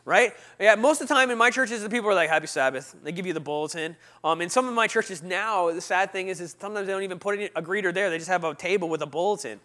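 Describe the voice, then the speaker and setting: Bright, high-voiced man telling a story. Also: fast, few pauses. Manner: animated storytelling, acts out voices, swings from loud to hushed. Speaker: preacher. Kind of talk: sermon storytelling.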